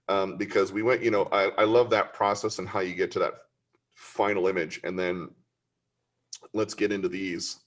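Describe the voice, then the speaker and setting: A man hosting a casual interview, upbeat and plugging items for sale. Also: low voice. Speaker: host.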